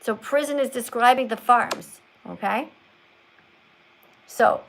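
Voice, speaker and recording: A woman hosting a livestream, coaching a caller to read aloud slowly, in a coaxing, teacherly way as if talking to a child. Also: fairly high pitch, vocal fry, low-quality recording. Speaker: livestream host.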